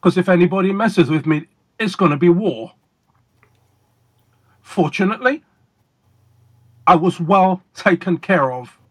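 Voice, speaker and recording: A man being interviewed as a guest magician, telling stories in a deliberate, emphatic way with pauses for effect. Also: high-pitched, fairly bright tone, slightly rough. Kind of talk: casual interview storytelling.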